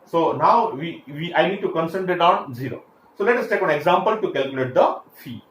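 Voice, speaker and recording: A man's voice: a little high, animated, brisk, fairly bright tone. Lecturing man in an echoey room. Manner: explains step by step with frequent fillers and restarts. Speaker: engineering lecturer. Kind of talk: classroom lecture. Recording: echoey room, faint background hiss.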